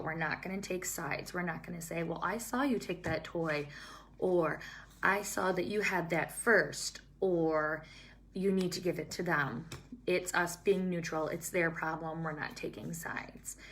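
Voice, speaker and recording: A young woman, a childhood teacher calmly explaining steps to colleagues. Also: fairly low pitch. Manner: calm, steady, explains step by step. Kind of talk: scripted-feeling teaching talk to staff.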